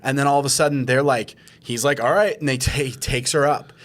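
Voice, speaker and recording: A man's voice: medium pitch, steady tone, a little fast. A man hosting a podcast, telling a long story in casual chat, rambling with lots of fillers and acting out his own quoted reactions. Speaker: podcast host.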